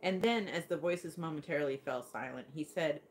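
A woman's voice: sits low, moderate pace. A woman reading a science fiction short story aloud, putting on voices for the characters. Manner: acts out several voices in the dialogue. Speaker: audiobook reader. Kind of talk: scripted narration of a short story.

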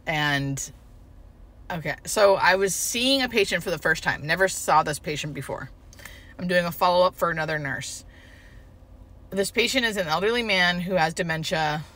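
A woman who works as a hospice nurse, casually telling a story to camera in an animated, expressive way. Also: on the low side, normal speed. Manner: animated, expressive retelling with quoted dialogue.

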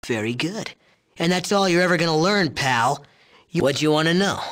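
A man's voice: a little high, a bit bright, heavily acted. An actor playing an arrogant, crude young male drug chemist in a video game, boastful and mocking. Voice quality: sneering, profane. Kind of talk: game dialogue.

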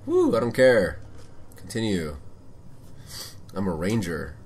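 A man chatting casually while playing a video game, joking irreverently with loud bursts. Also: on the low side, huge pitch swings, slow, a little hiss or hum. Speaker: game player and co-host. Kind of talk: casual gameplay chat.

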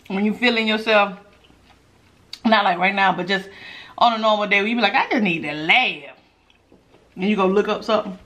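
A woman's voice: medium pitch, fairly bright tone. Giggly woman hosting an eating show. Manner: chatty, giggly, talks to viewers while eating. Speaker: mukbang host. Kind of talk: casual eating-show chat.

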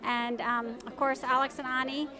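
High-voiced woman organizer, crowd around. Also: flat delivery, normal speed. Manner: informative, many fillers. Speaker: event organizer. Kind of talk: on-the-street interview. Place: busy downtown street at night.

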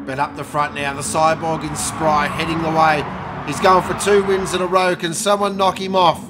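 A man commentating a sim race, joking and bursting out loud at each incident. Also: a little high, flat delivery, moderate pace. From Australia. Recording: noisy with engine sound behind.

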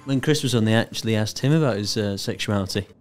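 A man's voice: on the low side, fast talker, darkish tone, soft background music. A young man hosting a reaction video, casual and teasing, laughing often between his remarks. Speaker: host reacting to game show clips.

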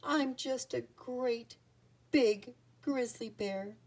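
A woman voicing a big, shy young male grizzly bear who talks gently and sniffles when sad, in a storybook reading. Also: high voice, very animated, moderate pace, voice pushed up. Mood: sad sniffling.

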